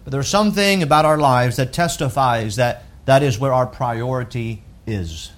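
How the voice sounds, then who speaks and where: A man who is a pastor, preaching a sermon with emphatic rises and hushed drops. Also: medium pitch, lively intonation, brisk. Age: adult with wife and children. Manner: emphatic preaching with wide swings from loud to hushed.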